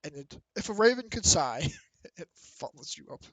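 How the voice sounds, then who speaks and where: A man narrates a tabletop role-playing game as game master in a loose, chatty way, with frequent ums. His voice sits fairly high for a man. The recording is dry and close. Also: sing-song, moderate pace, a bit bright, dry recording, rough recording. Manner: casual, laid-back, with fillers.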